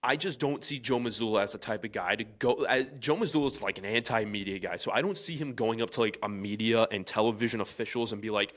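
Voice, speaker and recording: A man co-hosting a sports podcast, arguing in an animated way with frequent restarts. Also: lowish voice, fast, few pauses. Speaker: podcast co-host. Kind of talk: casual sports chat.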